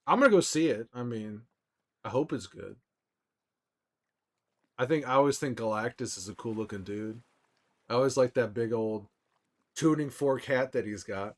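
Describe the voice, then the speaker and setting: A young man chatting casually on a live stream, reading viewers' messages aloud and answering them in a relaxed, rambling way. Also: mid-range voice.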